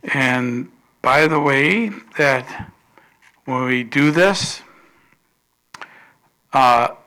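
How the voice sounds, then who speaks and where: A man preaching a sermon as pastor, telling a story and acting out the quoted voices, with sudden loud rises and soft drops. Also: mid-range voice, very slow.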